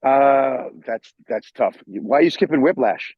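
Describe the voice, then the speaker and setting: A man's voice: mid-range voice, unhurried, husky, no echo. Profane New man telling stories on a video call. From New York. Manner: profane, animated storyteller with many restarts. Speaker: guitarist guest. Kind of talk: casual interview storytelling. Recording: muffled video call audio.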